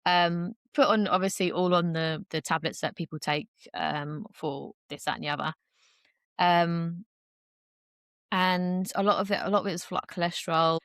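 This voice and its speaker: Chatty young woman, low voice. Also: steady tone, moderate pace, a bit bright, no room sound, clean studio sound. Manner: chatty, many fillers, acts out quoted voices. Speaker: podcast guest. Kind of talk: casual conversation.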